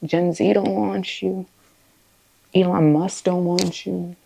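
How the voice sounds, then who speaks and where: A woman in her late twenties, born in Zimbabwe and raised in the US, talks through her get-ready routine in a casual, chatty way. Her voice sits on the low side and sounds warm and mellow. She breaks off for playful, joking asides. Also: little pitch movement, takes it slowly, vocal fry. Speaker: beauty vlogger.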